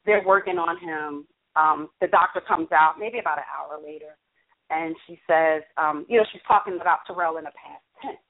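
A woman telling a personal story as a talk-show guest, halting and repeating words, quoting herself and others as she goes. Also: low-pitched. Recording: phone-line audio.

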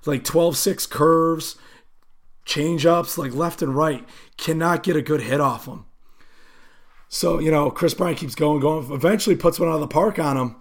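A man co-hosting a casual sports podcast, telling stories loosely with lots of fillers. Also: medium pitch. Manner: loose storytelling with many fillers. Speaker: podcast co-host.

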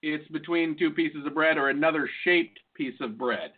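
Brief: high-pitched male co-host, jokey rambling banter, tinny phone-like sound. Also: normal speed. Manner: joking, rambling. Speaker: podcast co-host. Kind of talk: casual banter. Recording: phone-like lo-fi audio.

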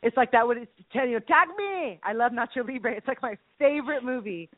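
Woman, high voice, bubbly and laughing, tinny phone-like sound. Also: a little fast, dry recording. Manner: bubbly, breaks into laughter, acts out movie lines. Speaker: podcast co-host. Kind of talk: casual chat about faith.

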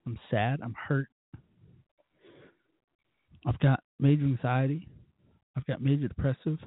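A man's voice: mid-range voice, steady tone, measured pace, husky, no room sound, narrow, tinny audio. A man hosting his own podcast, talking in a rambling, self-deprecating way and cursing constantly. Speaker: podcast host. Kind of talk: rambling, profane solo podcast talk.

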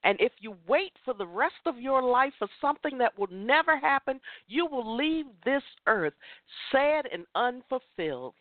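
A woman's voice: high voice, very animated, normal speed, dry recording. A woman hosting a women's chat show, giving an impassioned motivational talk and repeating phrases for emphasis. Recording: tinny phone line, dry.

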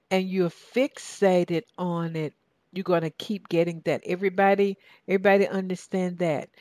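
Slow low-voiced Southern woman preaching. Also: no echo. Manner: emphatic, repeats phrases and questions the audience. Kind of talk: sermon.

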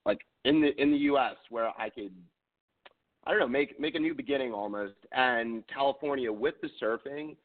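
A man's voice: mid-range voice, normal speed. A young man from the New York area, a guest on a radio show, rambling with lots of fillers and sounding tired after no sleep. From New York area, USA. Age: young adult. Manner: rambling, restarts, many fillers. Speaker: guest, surf wax founder. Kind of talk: casual radio interview. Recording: tinny phone-like radio audio.

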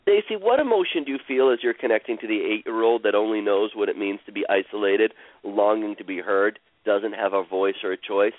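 A man guiding a caller through an emotional healing session, speaking slowly and soothingly and repeating phrases. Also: fairly low pitch, no room sound. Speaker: healer guiding a caller on a radio show. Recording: dry, tinny phone-like radio sound.

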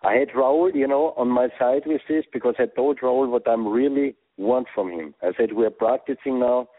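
A former soccer coach being interviewed over the phone, speaking earnest English with non-native phrasing. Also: male voice, medium pitch, moderate pace, dry recording. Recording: tinny phone line.

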